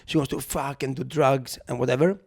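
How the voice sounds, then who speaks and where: A man co-hosting a podcast, telling a comic story in casual chat, animated and swearing, acting out the people he quotes. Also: mid-range voice, brisk, creaky. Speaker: podcast co-host. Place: podcast recording.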